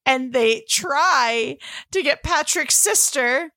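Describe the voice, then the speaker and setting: Bright-voiced chatty woman podcaster. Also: sits high, takes it slowly, no room sound, studio quality. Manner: animated, gushing retelling with laughs. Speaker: podcast co-host. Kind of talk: casual movie podcast chat.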